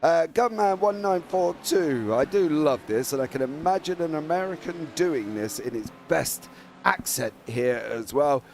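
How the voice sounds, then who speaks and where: English man, gravelly, sim race commentator, teasing and excitable. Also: on the high side, a little slow, a little hiss or hum. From England. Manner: excitable, teasing, shouts at drivers.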